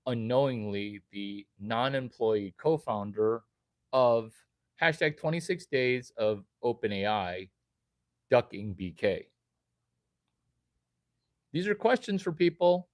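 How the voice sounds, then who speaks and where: A man's voice: medium pitch, dry recording, studio quality. A man rambling to his viewers in a direct-to-camera monologue, quizzing them and jumping from topic to topic. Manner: erratic, quizzing, jumps between topics. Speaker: vlogger addressing viewers.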